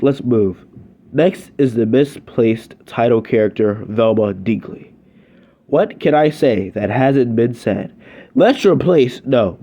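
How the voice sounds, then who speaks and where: Young man, exasperated review rant, sardonic, mellow higher voice, dull lo-fi sound. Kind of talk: scripted review commentary.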